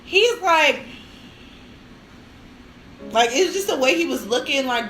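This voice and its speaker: A woman's voice: sits high, lively intonation, measured pace, long pauses, a bit bright, echoey room, a little hiss or hum, poor audio. A woman hosting a casual live stream, telling chatty stories full of "like" and bursts of laughter. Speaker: live-stream host and new lactation counselor.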